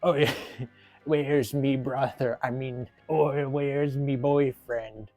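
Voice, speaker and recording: A man's voice: mid-range voice, fairly even intonation, takes it slowly, darkish tone, faint music behind, lightly acted. A man voicing a ditzy young hippie woman in a film recap, airy and flaky.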